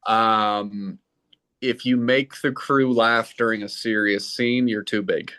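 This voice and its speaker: A man's voice: fairly low pitch, fairly even intonation, slow, pushed and bright, clean tone. A man who is an actor, a guest in a casual podcast chat, speaking wryly and hesitantly with many ums.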